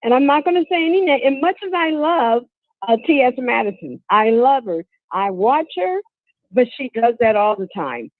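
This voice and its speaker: Caller: a woman with a high, swooping voice, earnest and opinionated, on a dry phone line. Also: very animated, moderate pace, no echo. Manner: earnest, opinionated, asks the host directly. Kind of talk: call-in opinion.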